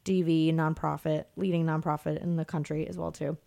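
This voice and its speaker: A woman comedian chatting as a podcast guest. She tells stories with animated energy and breaks into laughter as she goes. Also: low voice, fairly quick, gravelly. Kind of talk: casual podcast storytelling.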